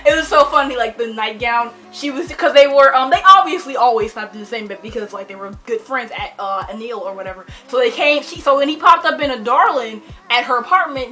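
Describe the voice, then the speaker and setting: A young adult woman rambling excitedly through a book chat, gushing and full of fillers. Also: a little high. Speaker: book vlogger.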